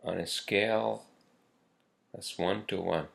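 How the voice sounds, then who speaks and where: A man with a very low, gravelly voice rants his way through a casual monologue. He talks slowly and drags his words out, and he swears at nearly every turn as he hammers his points home. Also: steady tone, fairly bright tone. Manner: profane, rambling, emphatic. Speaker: podcast host.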